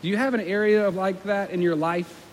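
A young man preaching a sermon as pastor, in a conversational, self-deprecating way, with lively acted-out quotes. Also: high voice, a little fast. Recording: long hall reverb with faint room noise.

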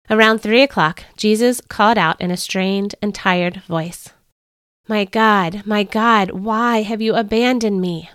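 A woman's voice: lowish voice, no room sound, clean studio sound. Earnest woman reading a devotional story. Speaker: podcast host reading her devotional book. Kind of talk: scripted first-person story narration.

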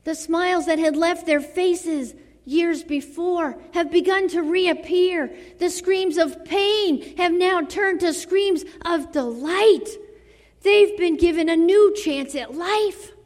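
A woman preaches with a high voice, her pace slow and measured, the words echoing through a big hall's long reverb. She sinks into soft, quiet passages, then builds dramatically into impassioned calls.

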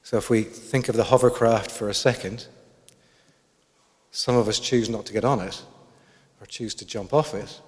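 Lowish and steady in tone, this man preaches at a moderate pace, pausing often. Thoughtful throughout, he asks his listeners many questions, recorded with long hall reverb.

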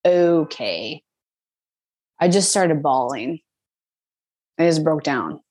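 A young woman telling her personal faith testimony in an interview, animated and full of fillers, acting out what others said. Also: sits low, slow, no room sound. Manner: animated storytelling, acts out quotes, many fillers. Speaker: guest.

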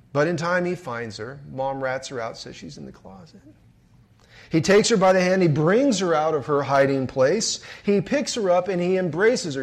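A man preaching and telling a story in a large hall, dropping to hushed murmurs and swelling forcefully. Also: sits high. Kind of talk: sermon storytelling.

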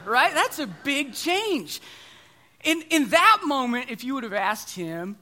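A man's voice: extremely high pitch, very animated, a little slow, pushed and bright. A man in his thirties preaching a sermon, telling stories in a conversational, self-deprecating way.

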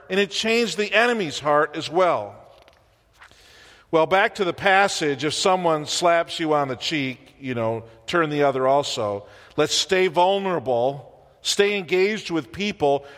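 A man's voice: high voice, fairly bright tone, in a large hall. A man preaching a sermon as pastor in a church, conversational, with wry asides and rhetorical questions.

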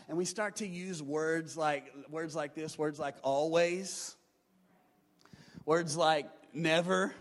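Male pastor, high voice, emphatic call-and-response preaching, big reverberant sanctuary. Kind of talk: sermon.

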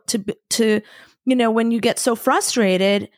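A woman in her forties talking as a podcast guest, telling candid stories with lively acted-out quotes and casual swearing. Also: on the high side, a little slow, no room sound, studio quality. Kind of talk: candid conversational storytelling.

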